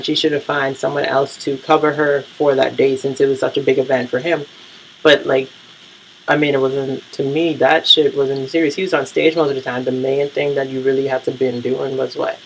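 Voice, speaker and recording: A gravelly, creaky voice rambles through a casual recap of the week's television. The talk is blunt and laced with profanity, full of "um" and "like" as thoughts wander. It has the loose feel of a vlogger talking straight into a camera mic. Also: mid-range voice, a little hiss or hum, rough recording. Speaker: vlogger reviewing TV shows.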